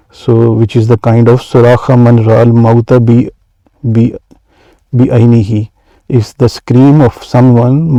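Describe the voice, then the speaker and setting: A man teaching grammar in a hesitant, halting way, with frequent fillers and restarts. His voice is very dark and mellow, at an ordinary middle pitch. The sound is close and dry. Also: dry recording, rough recording. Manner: hesitant, many fillers and restarts, reads Arabic quickly then translates. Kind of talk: explaining lesson examples.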